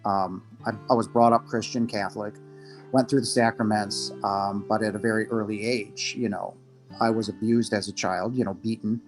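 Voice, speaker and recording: A man in his fifties, a podcast guest giving a halting, emotional personal testimony, his voice breaking at times. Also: fairly low pitch, steady tone, music in the background. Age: 50s.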